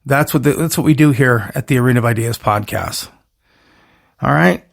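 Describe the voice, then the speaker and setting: A man's voice: medium pitch, moderate pace, creaky. A man hosting his own solo podcast, talking in a rambling, emphatic way with punchy catchphrases and frequent self-corrections. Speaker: podcast host.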